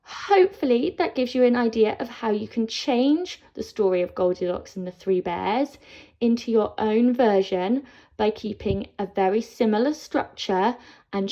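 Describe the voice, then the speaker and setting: A woman teacher, telling a children's story in an expressive, sing-song way. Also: a little high. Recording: dull lo-fi sound.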